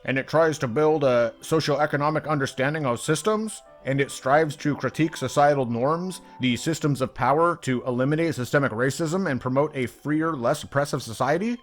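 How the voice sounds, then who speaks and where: A man voicing an old German man, using a slow, approving put-on German accent that is clearly his own attempt. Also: on the high side, soft background music, natural voice. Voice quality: mock heavy German accent.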